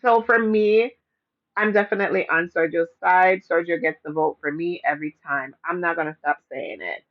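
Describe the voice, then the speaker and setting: A woman's voice: lowish voice, steady tone, moderate pace, highs cut off. A woman vlogger in casual direct-to-camera talk, rambling with lots of fillers and restarts.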